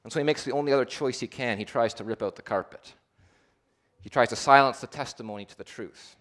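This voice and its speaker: Here a man delivers a sermon, climbing to loud, emphatic peaks and dropping to low, hushed endings on his phrases. He slows down to repeat points with deliberate emphasis.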